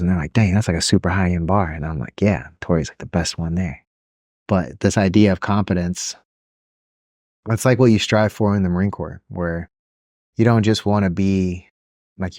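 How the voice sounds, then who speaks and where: A man co-hosting a podcast, chatting casually and telling animated stories, often mimicking people in a higher voice. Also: dry recording, studio quality. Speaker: podcast co-host. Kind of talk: casual chat.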